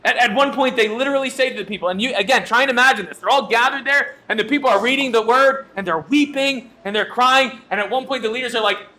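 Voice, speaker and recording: A man's voice: extremely high pitch, fast, few pauses, pushed and bright. A man preaching a sermon in a church sanctuary, earnest and emphatic, often repeating phrases for weight. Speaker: pastor.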